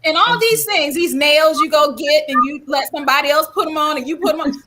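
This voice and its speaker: A middle-aged woman from South Carolina tells stories on a panel talk. Her voice sits high and bright. She talks in a folksy, animated way and acts out quoted people in their own voices. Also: fast talker, slight background noise. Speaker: guest speaker.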